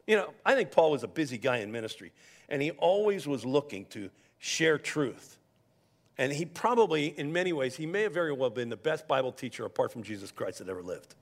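Gravelly, conversational male pastor. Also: mid-range voice, sing-song, fairly quick. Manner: conversational preaching with personal stories and repeated starts. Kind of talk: sermon.

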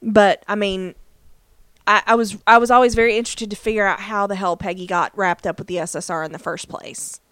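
A woman's voice: medium pitch, fairly even intonation, a little fast, fairly bright tone, dry recording. A woman co-hosting a podcast, chatting casually as she recaps a TV episode with lots of fillers. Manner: chatty, many fillers, acts out quotes. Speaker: podcast co-host.

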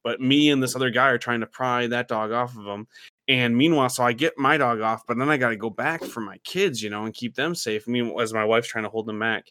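A man's voice: mid-range voice, a little fast, bright, forceful tone, clean tone, no room sound, clean studio sound. A man, a father, chatting casually and telling a long personal story, candid and swearing freely. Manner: candid, profane, rambling storytelling. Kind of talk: casual chat.

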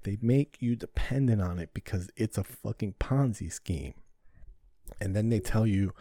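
A man rants on his own podcast, swearing freely and firing off rhetorical questions. His voice sits low and mellow. The sound is dry and close to the mic. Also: moderate pace, husky, no echo. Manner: heated, profane, rhetorical questions. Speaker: podcast host. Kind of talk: ranting solo podcast talk.

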